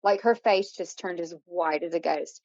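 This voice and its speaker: Woman guest in her late 30s, animated storyteller, dead dry room, dull lo-fi audio. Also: on the low side, moderate pace, dry recording. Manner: vivid, breathless retelling with many fillers. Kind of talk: casual interview storytelling. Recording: dull lo-fi sound.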